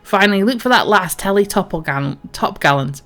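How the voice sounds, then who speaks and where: A woman's voice: mid-range voice, lively intonation, brisk, a bit bright, faint music behind. A woman doing a slurring drunk pirate captain. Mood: blustering. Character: gruff old male pirate sea captain, drunk-sounding.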